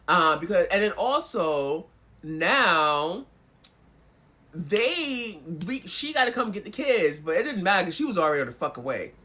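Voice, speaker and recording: Woman vlogger storytime, swears a lot, voice all over the place, super animated. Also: medium pitch. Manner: animated, profane, acts out voices. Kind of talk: casual storytelling.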